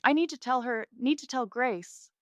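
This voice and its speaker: A woman's voice: high voice, moderate pace, dry recording, pitched above the performer's own voice, natural voice. A woman voicing a sick, delirious mother who cries out from a hospital bed in a narrated story. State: crying.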